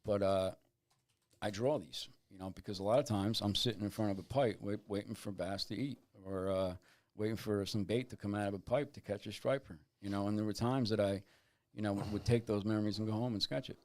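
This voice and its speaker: A man, an artist and angler being interviewed, talking in a relaxed, laid-back way with lots of "you know". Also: fairly low pitch, fairly quick. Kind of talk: casual interview.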